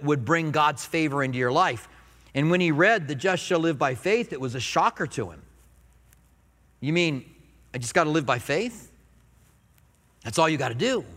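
A man preaching a sermon as a pastor in a church, animated and joking, with playful asides. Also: a little high, in a large hall. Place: church sanctuary.

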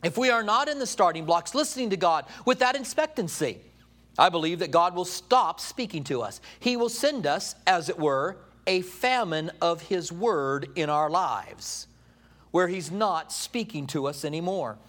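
A man preaching a sermon from a study, animated, retelling stories and acting out the voices. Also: high voice, moderate pace. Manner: animated storytelling, acts out quoted voices.

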